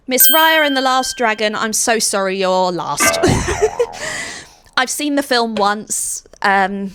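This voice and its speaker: A young adult woman chatting to camera as a vlogger, gushing and often apologising with quick asides. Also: medium pitch, lively intonation, noisy background. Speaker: vlogger and party princess performer. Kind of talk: casual chat to camera.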